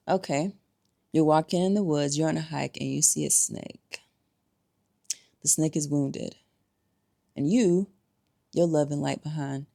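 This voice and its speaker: A woman's voice: low voice, measured pace, gravelly, pauses often, dark tone. A woman giving emphatic, conversational commentary to camera, full of rhetorical questions. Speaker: spiritual vlogger.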